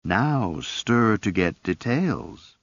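A commanding mantis-legged alien stalker, as a male narrator plays him, stern and deep with a gravelly edge. His words come slowly and pointedly, over the muffled sound of an old cassette audiobook. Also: very animated, dry recording, heavily acted.

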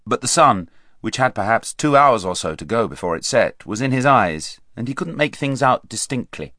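A man narrating an audiobook in an expressive storytelling manner, speeding up and slowing down with the action. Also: mid-range voice, no echo, clean studio sound. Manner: expressive storytelling, varied pace.

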